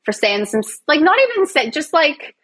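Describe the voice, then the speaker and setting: A woman's voice: sits high, very animated, normal speed, fairly bright tone, low-quality recording. A woman guest on a podcast, a physiotherapist and actor, chatting with a sarcastic, self-mocking humor and frequent laughs. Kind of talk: casual interview chat.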